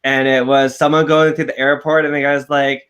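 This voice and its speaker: A young man co-hosting a podcast, chatting casually and telling animated, camp stories. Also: medium pitch, normal speed, smooth. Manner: animated, camp storytelling with acted quotes. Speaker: podcast co-host. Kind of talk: casual chat, storytelling.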